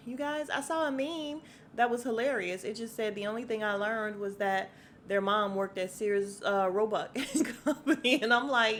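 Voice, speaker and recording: A woman's voice: fairly high pitch, moderate pace, slight background noise. Chatty woman podcaster dishing celebrity gossip. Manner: chatty, animated, laughs often, addresses listeners as y'all. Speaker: podcast host. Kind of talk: casual celebrity gossip rant.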